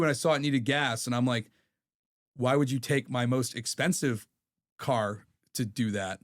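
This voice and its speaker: A man's voice: medium pitch, moderate pace. A man in his thirties, a podcast guest telling stories in a candid, profane way. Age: 30s. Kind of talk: casual chat.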